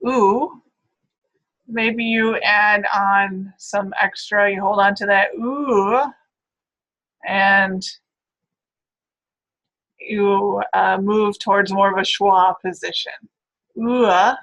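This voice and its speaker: Bright-voiced woman lecturing on phonetics. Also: medium pitch, level tone, slow, long pauses, dull audio. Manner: explanatory, with frequent "right?" and "all right". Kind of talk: recorded classroom lecture.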